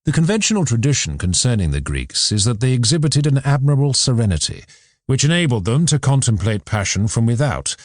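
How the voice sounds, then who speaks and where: Man, audiobook narration, measured and expressive, lively intonation, dry close sound. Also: mid-range voice, no echo. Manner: measured, expressive reading of a philosophy text. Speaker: audiobook reader. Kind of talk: scripted narration.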